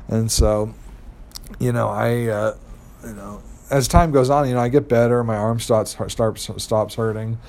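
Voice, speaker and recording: A man's voice: medium pitch, a little mellow. A young man casually telling a personal story, rambling with many fillers and restarts.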